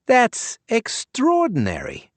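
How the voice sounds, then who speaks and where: A smooth, courteous older businessman, played by a male narrator, speaks in a lively, polished voice. The audiobook read is dry and close. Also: very high-pitched, slow pace, no room sound, pitched above the performer's own voice, exaggerated voice.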